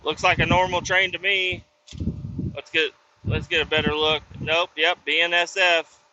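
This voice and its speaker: A man's voice: on the high side, level tone, normal speed, bright, forceful tone, dull audio, slight background noise. A man telling a work story in a profane, rambling casual vlog, with frequent restarts. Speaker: roadside service worker vlogging.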